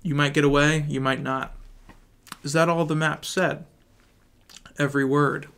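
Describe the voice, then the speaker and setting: A man reading a film script aloud with his mouth full of chewing gum, his throat dry, in a flat, hurried read. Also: fairly high pitch, creaky, smooth. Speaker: video creator.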